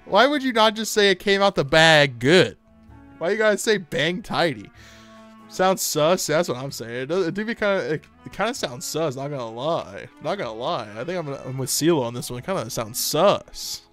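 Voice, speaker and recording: Playful American man streaming, lively pitch. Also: moderate pace, faint music behind. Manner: playful, joking, laughs often. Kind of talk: casual live-stream chat, reading chat aloud.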